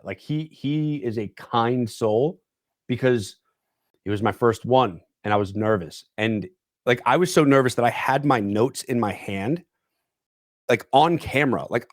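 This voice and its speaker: A man's voice: medium pitch, no room sound, studio quality. A young man guesting on a podcast, telling a rambling story and leaning on "like" and "dude". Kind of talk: casual storytelling chat. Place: podcast studio.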